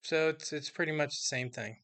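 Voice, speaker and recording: Woman, podcast co-host, teasing, dry, bright tone. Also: sits low, a little fast. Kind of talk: casual chat.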